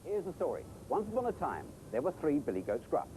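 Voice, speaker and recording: A man presenting children's TV, telling a story in a playful, animated way. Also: a little high, quick pace, slight background noise, poor audio.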